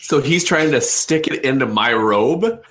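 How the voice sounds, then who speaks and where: A man's voice: medium pitch, lively intonation, unhurried, a bit bright. A man playing in a tabletop game, talking casually with stammering restarts. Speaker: player.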